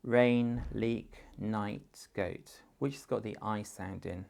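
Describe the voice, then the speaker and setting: A man's voice: on the low side, steady tone, slow, gravelly, a little mellow. A man with an English accent, a teacher patiently walking parents through a phonics writing exercise step by step. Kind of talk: instructional guidance for parents.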